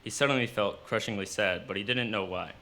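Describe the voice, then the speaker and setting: Reading his own fiction at a live cafe event, a man narrates steadily, like a storyteller. He has a fairly low voice and a brisk pace.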